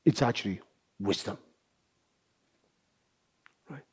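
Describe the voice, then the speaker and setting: Here a middle-aged man teaches meditation through a Buddhist dharma talk. His pitch is on the low side and slightly rough, and he takes his time, asking rhetorical questions and often ending with "right?".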